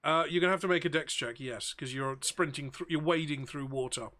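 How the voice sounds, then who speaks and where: A man's voice: fairly high pitch, a little fast, bright, forceful tone. A man running a tabletop role-playing game as game master, narrating and chatting casually with his players.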